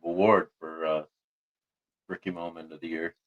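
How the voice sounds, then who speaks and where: Deep-voiced man making joking asides. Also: little pitch movement, normal speed, phone-quality sound. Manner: brief reactions and joking asides. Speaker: podcast host. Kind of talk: casual interview chat.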